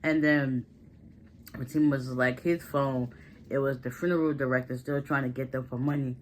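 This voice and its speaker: A woman giving a casual, chatty recap of a TV episode, full of fillers and growing animated as she retells scenes. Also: a bass voice, moderate pace, a little hiss or hum. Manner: chatty, loose, heavy with fillers like "like" and "listen". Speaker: recap vlogger.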